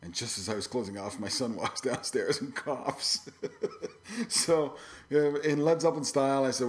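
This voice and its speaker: A man's voice: medium pitch, normal speed. A middle-aged man hosting his own podcast, talking casually and rambling with many fillers and restarts. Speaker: podcast host. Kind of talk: casual solo podcast talk.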